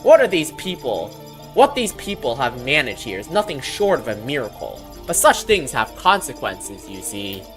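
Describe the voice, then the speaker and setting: An actor playing a formal, measured researcher character in a video game. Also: medium pitch, big pitch swings, a bit bright, faint music behind. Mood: grave. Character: scholarly researcher studying a ruined tower.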